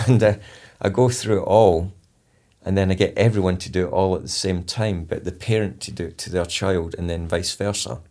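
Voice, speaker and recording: A man, a polar explorer, talking in an interview and telling a story vividly, calmly and deliberately stressing key words. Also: deep voice. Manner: vivid storyteller who re-enacts his own instructions. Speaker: polar explorer and charity founder, interview guest.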